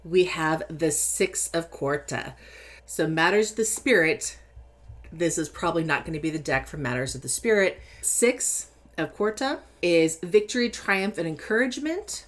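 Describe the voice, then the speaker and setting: Speaking at an ordinary speed in a low register, this tarot reader from California has the accent to match. Her casual deck-interview reading is chatty and upbeat, full of quick laughter and animated stress on words.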